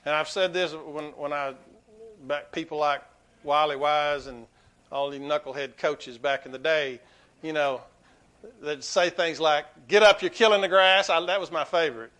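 Man, pastor preaching a sermon, slightly high voice, quiet asides, emphatic peaks. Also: fairly even intonation, moderate pace.

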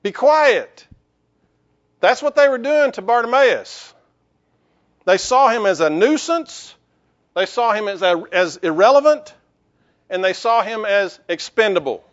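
A man's voice: high-pitched, lively intonation, unhurried, fairly bright tone, muffled recording. A man pastor preaching a sermon in a conversational way, with restarts and rhetorical questions to the congregation.

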